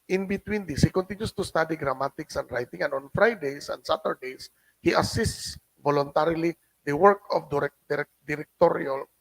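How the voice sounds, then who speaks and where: A middle-aged man with a Cebuano accent, giving a halting lecture as a guest speaker and often adding a questioning "no?". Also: a little high, gravelly, no room sound, rough recording. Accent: Filipino, Cebuano. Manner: halting, with frequent restarts and tag "no?". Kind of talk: lecture reading a translated document. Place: hotel function room.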